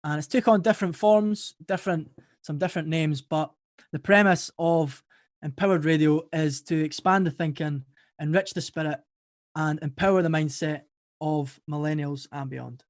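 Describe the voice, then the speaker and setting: A man's voice: fairly high pitch, fairly even intonation, moderate pace, dry recording, studio quality. A young Scottish man talking casually as an interview guest, friendly and informal. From Scotland. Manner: informal, friendly, calls people brother and mate. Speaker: podcast host guest.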